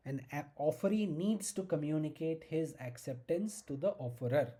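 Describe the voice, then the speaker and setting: A law lecturer with an Indian English accent giving a slow, emphatic exam-prep lesson, repeating key points and checking in with "okay?". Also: medium pitch, warm tone, slightly rough.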